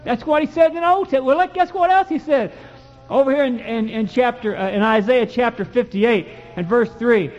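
A man's voice: extremely high pitch, brisk, big-room sound, soft background music. A man preaching a sermon and reading scripture in a folksy, emphatic way that builds to fervent peaks. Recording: dull lo-fi recording.

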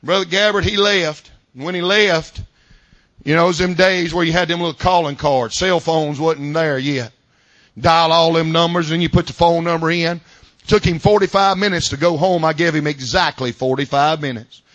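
Pastor, male; high bright voice, dry close sound; folksy sermon with shouted peaks and soft asides. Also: fairly even intonation, moderate pace, no room sound. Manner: folksy preaching, swings from loud shouted climaxes to quiet asides. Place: church service.

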